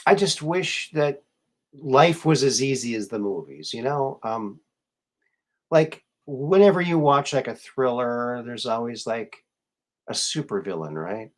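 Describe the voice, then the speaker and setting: A man's voice: mid-range voice, lively intonation, measured pace. A man hosting a casual live show, musing and rambling with many fillers and restarts as he greets viewers. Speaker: show host.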